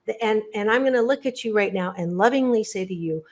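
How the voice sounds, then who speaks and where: A woman's voice: medium pitch, fast talker, few pauses, a little mellow. A woman guest on an interview podcast, talking as a psychologist in an emphatic, motivational way, often repeating phrases and speaking straight to the listener.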